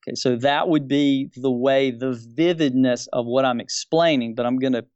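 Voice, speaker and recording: A man's voice: mid-range voice, fairly even intonation, normal speed, darkish tone, smooth, dry recording, muffled recording. A man in his fifties telling a personal religious experience as a debate guest, earnest and groping for words. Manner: earnest, searching for words, repeats key phrases.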